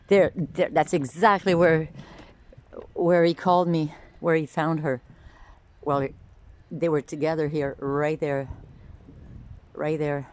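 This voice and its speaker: Slow-talking woman gushing over her birds. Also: deep voice, level tone, a little mellow, a little hiss or hum. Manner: gushing, exclaims often, coos to her birds. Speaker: bird keeper filming her birds. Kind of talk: casual talk to camera and to pets.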